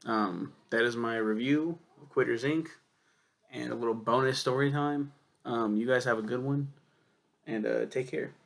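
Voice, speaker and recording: A young man telling a story in a casual vlog. His voice sits at an ordinary pitch but has a gravelly, creaky edge. He rambles, swears freely and laughs through his own stories. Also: normal speed. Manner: rambling, profane, laughs often. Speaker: book reviewer.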